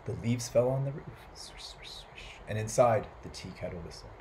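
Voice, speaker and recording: A man reading a children's story aloud as a library storyteller, animated and playful, making animal and household sound effects. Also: on the low side, a little fast, slight background noise, low-quality recording.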